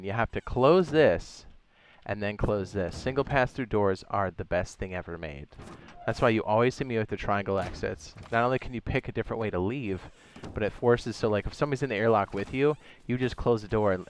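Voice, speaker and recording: A man's voice: lowish voice, a little hiss or hum. A man streaming a building game, chatting casually and rambling a little, with slangy asides to his viewers. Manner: relaxed, rambling, slangy ("dog", "my guy"). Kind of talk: casual livestream chat.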